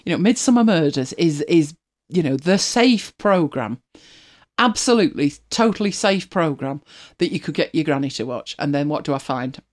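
Her low voice is animated at a moderate pace. She's a middle-aged Manchester host with a mild accent from the city, chatting loosely, reading out listener comments, rambling, and laughing a lot.

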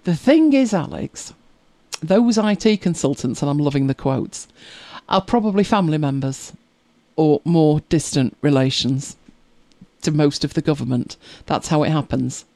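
A woman with a low-pitched, dark voice speaks at a moderate pace in a dry recording, hosting a casual live chat. She rambles through stories and reads viewer comments as a livestream host, laughing often.

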